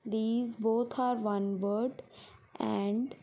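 A woman's voice: fairly high pitch, steady tone, very slow, mellow. A woman teacher explaining grammar to a class step by step, repeating her examples.

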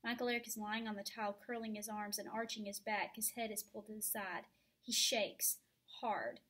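A woman teacher reading a novel aloud to her students from home, expressive and dramatic, into a computer mic. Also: medium pitch, normal speed. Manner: animated, dramatic storytelling. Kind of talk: expressive first-person read-aloud.

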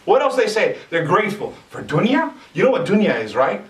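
In a mosque hall, a lecturer delivers a sermon with animation, putting questions to his audience. His voice is high and fairly quick, and the distant microphone picks up an echoey room.

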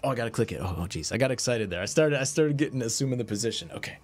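An excitable male game streamer talking through his card pulls, his pitch leaping up and dropping all over the place. He jokes at his own bad luck and sometimes drops to a low mutter. Faint music plays under his voice. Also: very fast. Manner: excitable, self-mocking, swings between hype and deflated mumbling. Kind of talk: live-stream commentary on gacha pulls.

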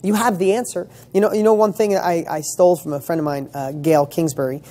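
A man's voice: on the high side, steady tone, warm tone. A middle-aged man giving a blunt motivational talk, firing off one rhetorical question after another. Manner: emphatic, rapid-fire rhetorical questions; blunt, mild swearing. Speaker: motivational speaker.

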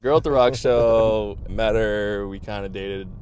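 Music plays in the background as a Massachusetts man, guesting on a podcast, spins casual stories. He speaks unhurriedly in a fairly low voice, laughing a lot and slipping into animated asides quoting others.

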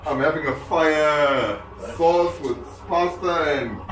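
A man's voice: on the high side, slow pace, fairly bright tone, reverberant, distant mic, a little hiss or hum, rough recording. A man from Zimbabwe working as a safari guide, talking in an easygoing way and often repeating himself. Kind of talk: casual chat.

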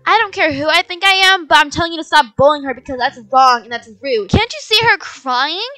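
Kind, bold new schoolgirl, played by a woman: high, bright, upbeat game-roleplay voice. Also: animated, brisk, dry recording, faint music behind. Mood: firm. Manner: chatty and upbeat, firm when standing up to others. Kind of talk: game role-play voice acting.

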